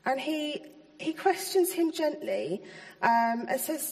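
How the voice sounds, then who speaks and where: A woman with a fairly high voice gives a relaxed, conversational sermon, pausing often with ums. Her words ring out with a long reverb, as if she is speaking in a large hall. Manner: chatty, hesitant, many ums. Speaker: church speaker. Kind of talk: informal sermon.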